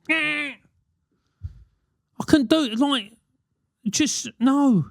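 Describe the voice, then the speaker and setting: A man's voice: very high voice, animated, takes it slowly, vocal fry, long pauses, no room sound, studio quality. A man in his forties hosting a solo podcast, ranting animatedly with swearing and mock voices. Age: 40s. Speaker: podcast host.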